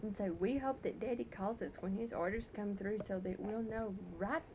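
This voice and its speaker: A woman's voice: medium pitch, moderate pace, a little mellow, dull audio, a little hiss or hum. A woman talking baby talk to her infant in a coaxing, playful sing-song, speaking into a handheld tape recorder microphone at home. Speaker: mother recording a tape for her away husband.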